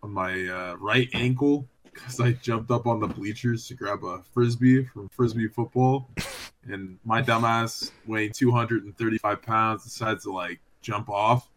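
A man who is a guest on a casual podcast, speaking bluntly with deadpan quips and casual swearing. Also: fairly low pitch, measured pace. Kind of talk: casual chat.

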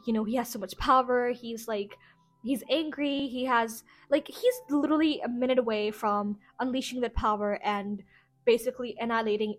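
Chatty woman with a fairly high voice. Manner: chatty, full of "you know" fillers. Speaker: podcast host. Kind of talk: casual rambling review.

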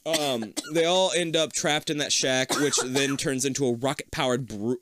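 A man in his thirties co-hosts a podcast, casually recapping a cartoon. He rambles, swears freely and laughs often, speaking at normal speed with a medium-pitched voice over a noisy background.

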